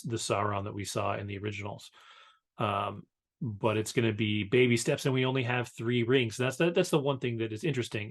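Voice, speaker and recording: Lower-pitched male podcast co-host, casual and halting. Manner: hesitant, many fillers and restarts. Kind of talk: casual chat.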